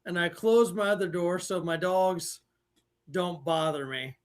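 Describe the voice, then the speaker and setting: A man's voice: high-pitched, a little slow. A man co-hosting a live podcast, joking crudely and laughing between lines in casual banter. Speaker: podcast co-host.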